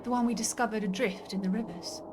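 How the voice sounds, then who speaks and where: A woman's voice: a little high, fairly even intonation, fast talker. A woman streaming a story game, thinking aloud and chatting casually as she plays. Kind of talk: let's play commentary. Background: faint game music.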